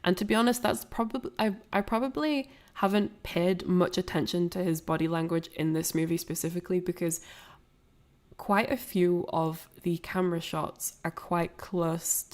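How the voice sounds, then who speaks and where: Woman, fairly low voice, casual film commentary, rambling, lots of fillers. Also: fairly even intonation, moderate pace, a little mellow. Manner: rambling, many fillers and restarts. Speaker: streamer analysing a film.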